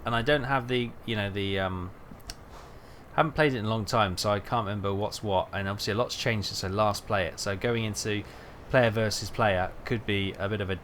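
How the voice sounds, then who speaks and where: A man's voice: fairly low pitch, steady tone, brisk, a bit bright, a little hiss or hum. A man streaming a trucking game, rambling and thinking aloud with lots of fillers. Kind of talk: casual gameplay chat.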